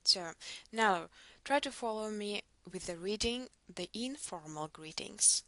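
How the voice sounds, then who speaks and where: A woman's voice: medium pitch, expressive, a little slow, bright, forceful tone, no echo. A woman teaching a language lesson, patiently modelling words for the listener to repeat. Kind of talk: slow instructional lesson.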